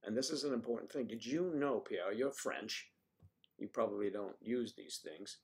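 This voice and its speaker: A man's voice: lowish voice, normal speed. Rambling, joking man hosting a livestream. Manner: musing aloud, reading viewer comments. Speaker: livestream host. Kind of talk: casual livestream chat.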